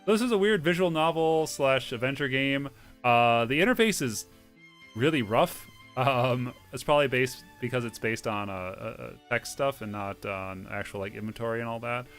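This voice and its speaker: A man plays a storybook game and reads its text aloud, then chats casually about it. His voice is mid-pitched, and his delivery halts with fillers and small slips. Faint game music plays behind him. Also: fairly bright tone. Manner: halting, with fillers and small misreadings. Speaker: let's play host.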